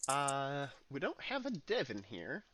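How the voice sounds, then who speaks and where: A man narrating as game master of a tabletop game, relaxed and rambling, with plenty of fillers. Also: mid-range voice, unhurried, slight background noise.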